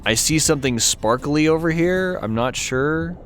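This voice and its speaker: A man streaming a video game live, chatting casually and greeting his viewers warmly by name. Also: on the high side, lively intonation, moderate pace, faint music behind.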